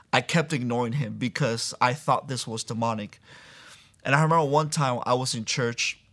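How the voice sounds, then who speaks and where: An earnest young man tells his own story as an interview guest. His voice sits at a middle pitch, and he slips into the voices of the people he quotes. Soft laughs break into his telling. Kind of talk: personal testimony in an interview.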